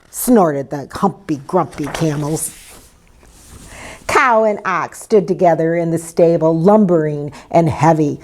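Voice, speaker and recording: A woman reading a children's story aloud in an expressive way, inviting her listeners to join in. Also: low-pitched, slow. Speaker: storybook reader.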